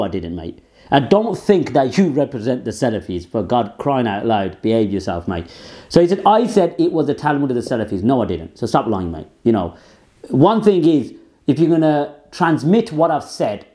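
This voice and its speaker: A man's voice: mid-range voice, mellow. A man hosting a combative rebuttal, talking in a sarcastic, emphatic way. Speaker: host. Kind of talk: rebuttal commentary.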